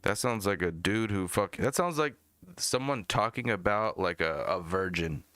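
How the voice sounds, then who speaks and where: A man's voice: lively intonation, moderate pace, fairly bright tone. An American man hosting a live music review stream, drinking beer and mocking a rapper with profane, jumpy commentary. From United States. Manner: mocking, jumps into high squeaky outbursts.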